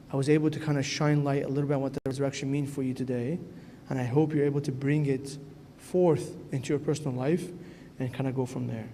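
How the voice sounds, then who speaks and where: A man's voice: medium pitch, dark tone. A man who is a priest, giving an earnest, conversational sermon to young people in a church. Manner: earnest and conversational, often asks "right?". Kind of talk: sermon to a youth gathering. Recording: echoey church hall, faint noise.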